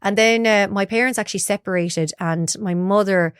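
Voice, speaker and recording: A woman's voice: medium pitch, normal speed, clean tone, dry recording, clean studio sound. An Irish woman from Galway, a broadcaster guest telling chatty stories about her life and acting out quoted dialogue. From Ireland, Galway. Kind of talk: casual storytelling interview.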